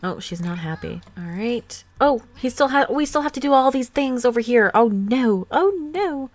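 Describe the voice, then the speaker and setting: A woman's voice: fairly high pitch, expressive, normal speed, no room sound. A young woman casually commenting on a life-sim game she plays, chatty and giggly with many fillers, into a desktop microphone. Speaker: let's play host. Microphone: desktop USB microphone.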